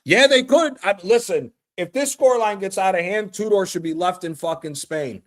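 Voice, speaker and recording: A man streaming a live reaction to a football match, excitable and profane, trash-talking the players. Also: sits high, moderate pace. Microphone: streaming mic.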